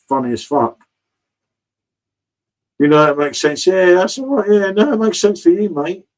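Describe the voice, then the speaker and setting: A man's voice: on the high side, rough recording. A man in casual live-stream chat from a home bar, chatty and swearing freely, calling everyone mate.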